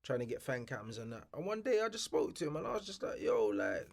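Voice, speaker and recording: Fast-talking young man. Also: on the high side, gravelly. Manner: quick, animated, slang-heavy. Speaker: podcast co-host. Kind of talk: casual chat.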